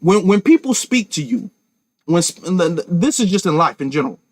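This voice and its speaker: A man's voice: high voice, sing-song, brisk, no room sound, clean studio sound. A man giving emphatic political commentary to his viewers, with lots of restarts. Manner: emphatic, talks to viewers directly, repeats and restarts. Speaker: commentary channel host.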